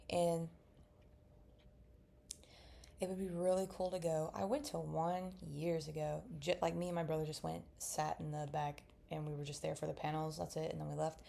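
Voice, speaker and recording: A woman's voice: low voice, little pitch movement, a little fast, creaky, few pauses, dark tone. A young woman in casual chat while drawing, rambling and mumbling to herself as she works. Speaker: vlogger.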